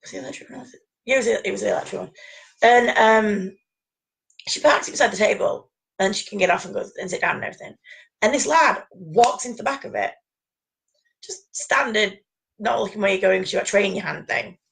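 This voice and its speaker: A woman's voice: medium pitch, lively intonation, fast, creaky, a bit bright, low-quality recording. A woman telling rambling anecdotes in casual chat, laughing often.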